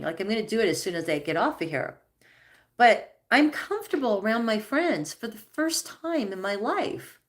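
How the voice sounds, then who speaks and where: A woman in her fifties hosting a casual livestream, speaking candidly and answering viewers' comments as she teaches breath work. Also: a little high. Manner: candid, animated, talking back to viewers' comments. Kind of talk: casual livestream talk reading chat comments.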